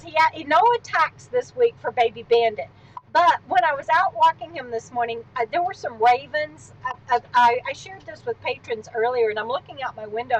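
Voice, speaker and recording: A woman's voice: high voice, poor audio. A woman hosting a casual live stream from home, chatting in a rambling way and wandering off into asides. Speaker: livestream host. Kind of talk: casual livestream chat. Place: at home, on a swivel stool.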